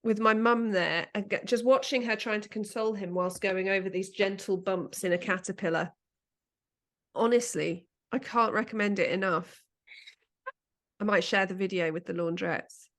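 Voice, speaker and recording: A woman's voice: medium pitch, moderate pace. Chatty English woman telling funny stories. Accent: British English. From England. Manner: animated storytelling, laughs and swears freely. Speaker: podcast co-host. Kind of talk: casual chat.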